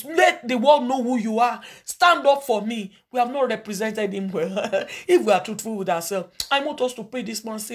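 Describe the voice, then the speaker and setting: A woman pastor preaches and leads prayer with a fairly high voice. She speaks earnestly and pleads, repeating short lines of confession in rhythm. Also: moderate pace. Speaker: pastor leading a prayer call. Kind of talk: sermon with led prayer.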